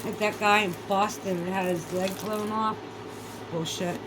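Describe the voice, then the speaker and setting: A woman's voice: mid-range voice, fairly even intonation, unhurried, background noise. A woman vlogger in a casual, heated monologue, swearing a lot and sounding sarcastic and incredulous. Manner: heated, profane, ranting.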